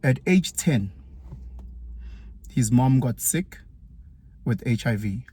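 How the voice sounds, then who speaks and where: This ex-teacher from KwaZulu-Natal chats through a personal anecdote on his vlog in a South African accent, animated and rising in pitch to voice other characters. He takes his time, and his voice is husky.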